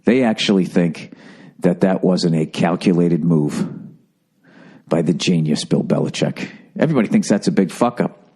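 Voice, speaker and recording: A man's voice: low-pitched, normal speed, warm tone, slightly rough. A man hosting a podcast, delivering a profane, sarcastic comic rant, mocking and riffing loosely. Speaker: podcast host.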